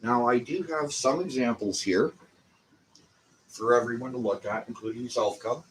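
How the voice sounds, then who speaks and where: A man with a Canadian accent hosting a casual growing class, talking slowly and meandering with lots of fillers. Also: mid-range voice, slight background noise, low-quality recording. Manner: slow, meandering, with frequent fillers. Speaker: channel host teaching a growing class. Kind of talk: casual instructional talk.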